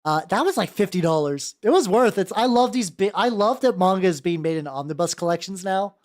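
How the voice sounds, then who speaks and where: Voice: mid-range voice, expressive, a little fast. A streamer chatting casually about a tabletop game, rambling off on tangents, restarting sentences and swearing freely. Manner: greets chat viewers mid-flow. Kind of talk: casual live-stream chat.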